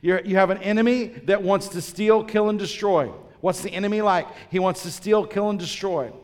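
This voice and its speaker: A man's voice: high-pitched, moderate pace. A man preaching a sermon, emphatic, repeating phrases and asking the congregation questions. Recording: long reverb of a large church hall.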